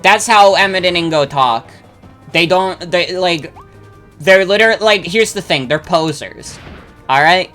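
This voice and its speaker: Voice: medium pitch, unhurried, a bit bright, faint music behind. A young adult game streamer chatting casually while playing, rambling with lots of fillers and swearing freely. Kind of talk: casual chat while gaming, reading chat.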